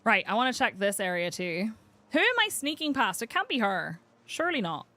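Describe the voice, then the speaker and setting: A woman from Northern Ireland with a Northern Irish accent, a game streamer chatting casually with her chat, self-mocking and quick to laugh. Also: a little high, sing-song, pushed and bright. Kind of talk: casual live-stream chat while playing.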